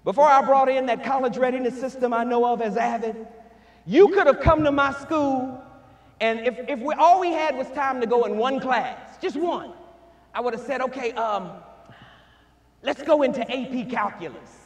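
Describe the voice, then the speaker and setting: A man giving a motivational keynote speech, calling out to the crowd and swinging between shouts and hushed tones. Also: extremely high pitch, normal speed. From Houston, Texas. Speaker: keynote speaker. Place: large hall. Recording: echoey hall with long reverb.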